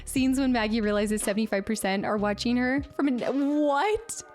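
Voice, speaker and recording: A woman's voice: on the high side, normal speed, darkish tone, soft background music. A woman streamer chatting casually with her viewers, reading their messages aloud and laughing often. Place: home streaming setup.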